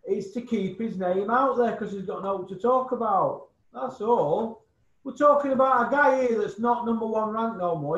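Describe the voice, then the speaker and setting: A man's voice: high-pitched, a bit bright, roomy sound, dull audio. A man giving blunt, scornful opinions on boxing in casual chat, swearing and repeating insults. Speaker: boxing pundit guest.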